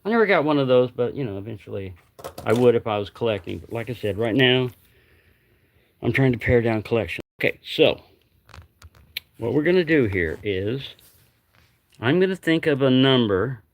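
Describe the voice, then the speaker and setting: A man's voice: mid-range voice, animated, moderate pace, long pauses. A man hosting a casual livestream at home, rambling and joking, sometimes mumbling asides to himself. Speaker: livestream host.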